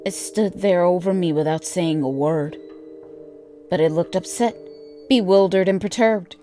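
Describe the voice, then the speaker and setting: A woman narrating a first-person horror story in a measured, deliberate way. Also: lowish voice, mellow, faint music behind.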